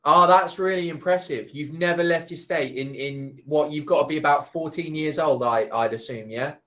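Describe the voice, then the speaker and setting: Easygoing man, casual tutor chat over a video call, slightly high-pitched. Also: moderate pace, pushed and bright. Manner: easygoing, reassuring. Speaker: conversation tutor.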